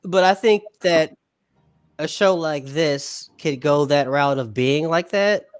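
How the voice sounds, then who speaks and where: A man's voice: fairly high pitch, takes it slowly, smooth, no room sound. Man, co-host on a video call, rambling reaction talk, very dry close sound. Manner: rambling, restarts often, laughs easily. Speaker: podcast co-host. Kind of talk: casual reaction chat.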